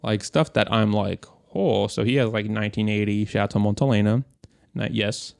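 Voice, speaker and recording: Young guy on a podcast, gravelly voice, dry close sound, swears a lot and does the voices of people in his story. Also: on the low side, moderate pace, no echo. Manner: animated, profane, acts out quoted voices. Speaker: podcast co-host. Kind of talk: casual storytelling chat.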